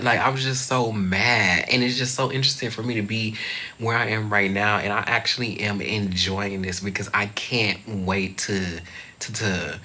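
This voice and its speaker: A young man chatting casually to camera as a vlogger, expressive, swinging high and loud, and at times dropping to a soft whisper. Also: moderate pace, breathy edge.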